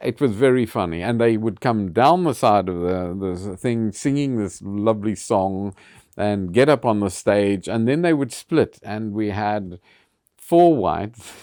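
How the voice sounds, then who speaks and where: A man's voice: on the low side, darkish tone, dry recording, studio quality. A man, telling theatre stories with frequent chuckles. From South Africa. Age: 70s. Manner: anecdotal, chuckles often between phrases. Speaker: theatre founder being interviewed. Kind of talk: reminiscing storytelling.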